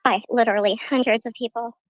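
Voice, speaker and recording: Raspy, sarcastic higher-voiced woman streamer. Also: fairly even intonation, fast talker, no echo, poor audio. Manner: indignant, sarcastic retelling. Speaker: streamer in a played clip. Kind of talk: casual livestream talk.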